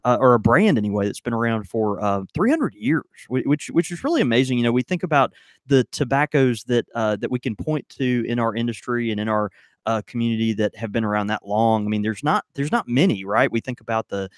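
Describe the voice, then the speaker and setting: A man co-hosting a pipe tobacco podcast in casual chat, quick to laugh and to chime in. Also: mid-range voice, lively intonation, no room sound, clean studio sound. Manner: quick to laugh, chiming in with agreement. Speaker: podcast co-host.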